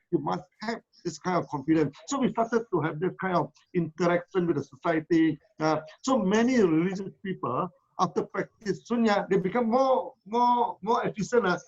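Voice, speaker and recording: Man, Malaysian English accent, husky, rambling with fillers, lo-fi audio. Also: sits high. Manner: rambling, repeats words, many uh and no? tags. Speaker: company founder answering questions. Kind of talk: live online Q&A.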